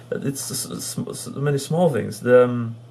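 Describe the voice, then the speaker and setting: A man giving a casual spoken review of a favorite comedy film, halting and full of fillers and restarts, amused and chuckling as he recounts the jokes. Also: mid-range voice, creaky, mellow. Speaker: movie reviewer.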